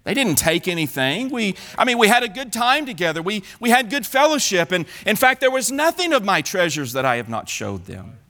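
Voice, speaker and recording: A man's voice: high voice, big pitch swings, fairly quick, hardly any pauses, sharp tone, exaggerated voice. A man playing a gushing boastful king. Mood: pleading. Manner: eager, gushing, tripping over words. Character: boastful excited old-time king showing off treasures.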